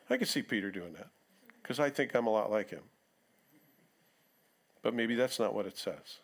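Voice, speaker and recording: A man's voice: mid-range voice, normal speed, pauses often, a bit bright. A middle-aged male pastor giving a sermon in church, talking in a conversational way and acting out quotes in other voices.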